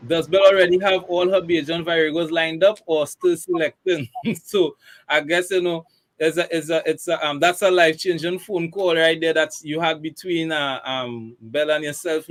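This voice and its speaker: A man hosting a casual interview, encouraging his guests with lots of fillers and restarts. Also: fairly high pitch. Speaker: interview host.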